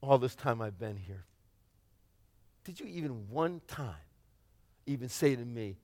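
A man preaching a sermon, retelling a parable with dramatic swings from shouting to near-whispers and acting out the characters. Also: mid-range voice, animated, moderate pace, pauses often, dry recording, clean studio sound. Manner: acts out the parable's characters in his own voice.

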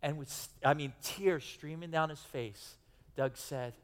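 A man's voice: fairly high pitch, measured pace. Preaching man in a reverberant church. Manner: emphatic, conversational preaching with many restarts. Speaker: pastor. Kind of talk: sermon. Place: church sanctuary. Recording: long hall reverb.

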